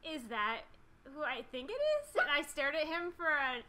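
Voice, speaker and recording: Young woman co-host, laughs through her anecdote, high bright tone. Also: wildly swooping pitch, moderate pace. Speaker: podcast co-host. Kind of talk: casual chat.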